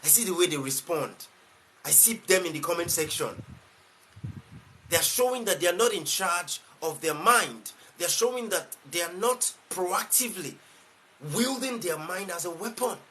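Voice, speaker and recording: Nigerian man, life coach on a live stream, bright and forceful, repeats points and leans on rhetorical questions. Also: sits high, expressive, normal speed, a little hiss or hum. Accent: Nigerian English. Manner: emphatic, repeats key phrases, asks rhetorical questions. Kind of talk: motivational live-stream talk.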